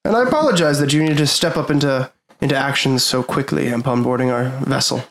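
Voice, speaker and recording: Cast: a man doing a courteous, measured ship owner smoothing things over. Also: mid-range voice, slight background noise, pitched below the performer's own voice, lightly acted. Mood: apologetic. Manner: formal, measured, hesitant. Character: polite apologetic male ship owner.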